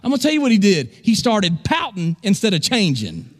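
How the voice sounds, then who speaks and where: A man's voice: high-pitched, huge pitch swings, brisk, in a large hall. A male pastor preaching a sermon in a church, emphatic and asking the congregation questions. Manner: emphatic, call-and-response questions.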